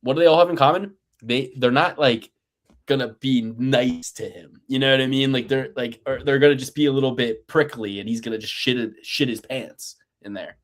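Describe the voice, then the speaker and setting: This co-host's medium-pitched voice runs a little fast as he swears and vents on the sports betting show. His tone is sarcastic, mocking, and exasperated throughout the casual episode.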